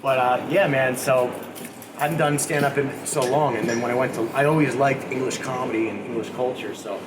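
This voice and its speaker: A man's voice: medium pitch, fairly even intonation, a little fast. Earnest American man chatting casually. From United States. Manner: rambling, filler-heavy, earnest. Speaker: podcast host. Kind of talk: casual chat. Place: indoor market in a mall. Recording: distant mic, loud market noise.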